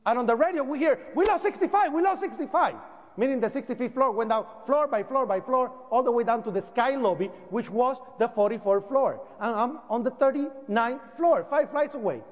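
A man giving a public talk, telling his story in an animated way and acting out sounds and voices. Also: extremely high pitch, brisk, hardly any pauses. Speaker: speaker recounting events. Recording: dull lo-fi sound, long hall reverb.

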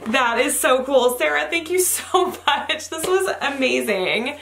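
Gushing young woman vlogger, fairly high and very bright, casual and excitable. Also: unhurried, gravelly. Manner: gushing, excitable, laughs often. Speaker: vlogger opening fan mail. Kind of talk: casual unboxing chat.

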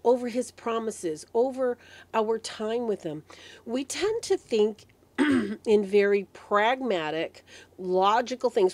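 A woman hosting a devotional meditation talk, recovering from a head cold, animated in her storytelling and clearing her throat often. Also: mid-range voice. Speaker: host.

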